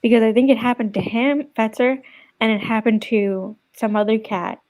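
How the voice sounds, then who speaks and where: Halting woman telling a story on a call. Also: a little high, steady tone, darkish tone. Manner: halting, searching for words. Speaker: guest. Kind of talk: casual chat.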